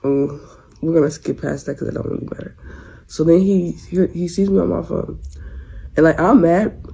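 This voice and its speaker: A woman's voice: lowish voice, fairly even intonation, normal speed, vocal fry, mellow, husky, low-quality recording. A young woman in her twenties telling a rambling story in casual slang, restarting her sentences often. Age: 20s. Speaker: storyteller in a clip.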